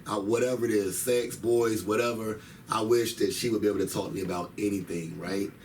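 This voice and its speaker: Guest: man, thirties, very low voice, emphatic slangy storyteller, heard from a distance with faint background noise. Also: fairly even intonation, fairly quick, darkish tone. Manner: emphatic, slangy, repeats phrases. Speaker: interview guest. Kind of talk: casual storytelling.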